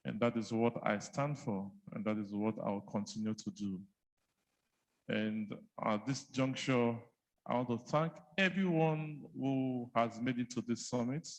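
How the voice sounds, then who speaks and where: A Nigerian man addresses a conference with earnest, heartfelt sincerity. His delivery is slow and measured, and his voice sits at an ordinary middle pitch. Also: low-quality recording. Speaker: health commissioner giving a speech. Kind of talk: emotional public speech. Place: conference hall.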